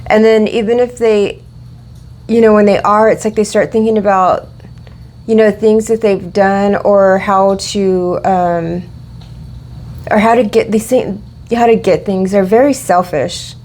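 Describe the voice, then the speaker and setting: A woman's voice: medium pitch, steady tone, measured pace, darkish tone. A woman giving a casual tarot reading, rambling with many fillers and restarts. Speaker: tarot reader.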